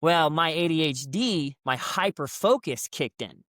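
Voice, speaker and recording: A man talks as a podcast guest, in a fairly high voice for a man. He tells his stories with energy and lifts his voice when he acts out what others said. The recording is dry and close, with no room sound. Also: measured pace, no echo. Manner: lively storyteller who acts out quotes with raised voice. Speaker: guest, coach. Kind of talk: conversational podcast storytelling.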